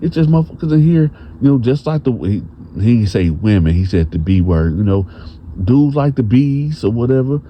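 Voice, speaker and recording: A man's voice: medium pitch, big pitch swings, normal speed, dark tone, slight background noise. A man telling a prison story in a laid-back, casual way, with lots of cursing and repetition. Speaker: storyteller, host.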